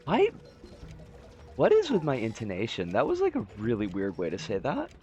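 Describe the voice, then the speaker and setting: A man's voice: huge pitch swings, moderate pace, darkish tone, highs cut off, soft background music. A man streaming a game, chatting in a rambling, jokey way. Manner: rambling, jokey, swoops in pitch. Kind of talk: casual game-stream chat.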